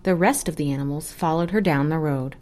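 A young woman reading a children's storybook aloud, with slow, expressive and animated narration. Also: sits low. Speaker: storybook reader.

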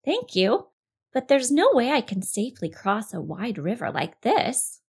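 A woman's voice: on the high side, wildly swooping pitch, measured pace, gravelly, husky, full character voice. A woman voicing a small, cautious male monkey who answers hesitantly and politely in a storybook reading.

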